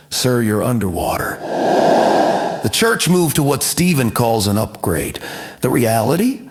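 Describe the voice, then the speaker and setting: A man delivering a sardonic stand-up comedy routine in an ordinary middle-range voice. His pitch leaps all over the place, dropping into quiet asides and shooting up into shrill, shouted mockery of a boasting preacher. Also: sing-song, measured pace, husky, faint music behind. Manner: mocking, mimics shouting preachers in high yelled bursts.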